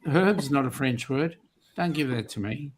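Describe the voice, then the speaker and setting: A man's voice: mid-range voice, a little slow, background noise. A man in his sixties, raised in South Africa, chatting casually and teasing with mock indignation. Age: 60s. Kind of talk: casual chat.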